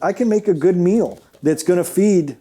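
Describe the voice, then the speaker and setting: A man who makes low-budget films, talking casually about feeding his cast, rambling and restarting his sentences. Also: moderate pace, mellow. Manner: rambling, self-correcting, laughs easily. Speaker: indie filmmaker. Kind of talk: casual behind-the-scenes chat.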